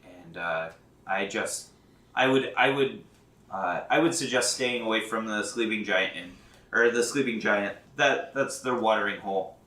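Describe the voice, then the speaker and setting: A man running a tabletop game as game master, talking haltingly with many fillers and restarts, and laughing often. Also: fairly low pitch, pushed and bright, reverberant, distant mic. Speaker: dungeon master.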